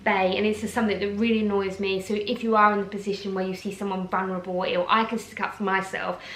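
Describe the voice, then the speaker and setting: A woman's voice: medium pitch, fairly bright tone, roomy sound, a little hiss or hum, low-quality recording. A young woman from Essex with an Essex accent, ranting casually to camera in heated bursts. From England, Essex. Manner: heated, talks in bursts with restarts. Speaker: vlogger.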